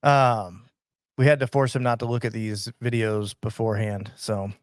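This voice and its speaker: A man's voice: fairly low pitch, steady tone, moderate pace, no room sound, clean studio sound. A man hosting a podcast in casual chat, steering the talk with wry remarks. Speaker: podcast host.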